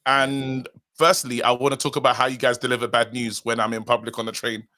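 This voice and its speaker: A young man co-hosting a podcast, chatting and joking with quick laughs. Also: medium pitch, flat delivery, pushed and bright. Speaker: podcast co-host. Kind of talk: casual chat.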